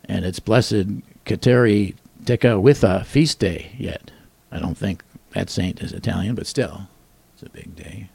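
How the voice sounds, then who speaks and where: An older man in his sixties reads satirical headlines with deadpan timing, then drops wry muttered comments. His voice is low and gravelly. The recording is dry and close, with no room sound. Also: unhurried, no room sound. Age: 60s. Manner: dry, wisecracking, mutters asides. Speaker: podcast host. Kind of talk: deadpan satirical news monologue.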